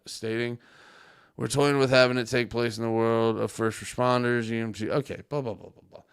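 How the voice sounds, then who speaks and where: A man's voice: on the low side, a bit bright, smooth. Rambling, profane male streamer. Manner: rambling, profane, joking, laughs often. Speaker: livestream host. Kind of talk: casual livestream chat.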